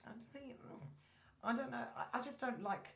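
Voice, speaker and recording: A woman's voice: on the high side, moderate pace, creaky, fairly bright tone. A woman hosting a chat show, chatting casually and reading news stories aloud, stumbling over names. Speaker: host. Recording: roomy echoey room.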